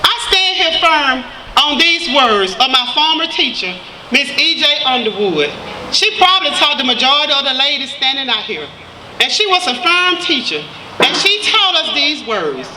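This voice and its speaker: A woman's voice: high voice, big pitch swings, normal speed, pushed and bright, roomy sound, slight background noise, low-quality recording. A woman giving a firm, proud speech at a public ceremony.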